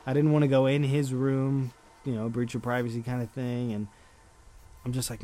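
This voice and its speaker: A man's voice: medium pitch, fairly even intonation, moderate pace, darkish tone, faint music behind. A man telling a personal story in a loose, chatty way, full of "like", light laughs and casual swearing. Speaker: storyteller host.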